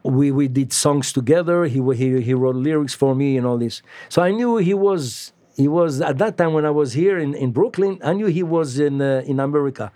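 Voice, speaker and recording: Halting man telling stories. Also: fairly high pitch, dry recording. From France. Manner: halting, many fillers and restarts, animated. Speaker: musician guest. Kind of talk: casual storytelling interview.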